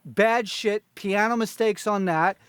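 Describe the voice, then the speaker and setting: Fast, foul-mouthed high-voiced man. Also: a bit bright, clear, resonant tone, dry recording. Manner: rapid, blunt, swears constantly. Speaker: panelist ranking concert recordings. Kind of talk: profane critical rant.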